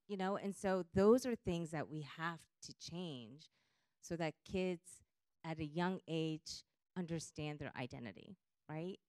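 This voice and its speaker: Animated woman from New Jersey, Jersey accent. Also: low voice, measured pace, dry recording. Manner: animated, emphatic, personal storytelling. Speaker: journalist on a panel. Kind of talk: panel discussion.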